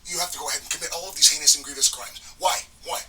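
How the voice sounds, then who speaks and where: A man's voice: on the high side, fairly even intonation, rapid-fire, crowd noise. A man delivering an agitated, repetitive, accusing monologue to an unseen listener. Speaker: vlogger. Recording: distant mic with faint background noise.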